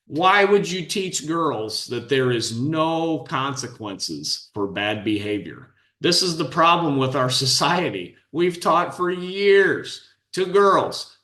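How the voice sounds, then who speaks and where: A man's voice: fairly high pitch, expressive, slow pace, few pauses, sharp tone, roomy sound. A middle-aged man, a podcast host, giving blunt, scornful commentary on a clip.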